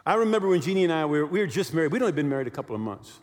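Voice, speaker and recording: A man in his sixties preaches in a church hall with a long reverb. His voice sits fairly high and swings up and down as he tells stories and keeps checking in with his listeners. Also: very fast. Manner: animated storytelling with many "right?" check-ins. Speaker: pastor. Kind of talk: sermon.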